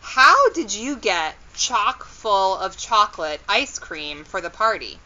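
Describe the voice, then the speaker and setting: A woman's voice: mid-range voice, sing-song, takes it slowly, pushed and bright, lo-fi sound, heavily acted. A woman reading as a blunt, spirited girl. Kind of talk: children's storybook read-aloud.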